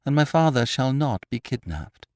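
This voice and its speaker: A man's voice: mid-range voice, sing-song, unhurried, a little mellow, no echo, clean studio sound, pitched above the performer's own voice. A man voicing a stubborn, eager young reporter who refuses and speaks out firmly in an audiobook reading. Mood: defiant. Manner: firm, eager, raised refusals. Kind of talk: audiobook character voice.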